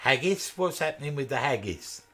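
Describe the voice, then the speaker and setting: A man's voice: medium pitch, expressive, brisk, a bit bright. A man from East London with a Kent accent, hosting a woodturning video, chatting casually and joking while answering viewer comments as he works. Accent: Kent English. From East London, England. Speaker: woodturning channel host. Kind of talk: casual live demo chat.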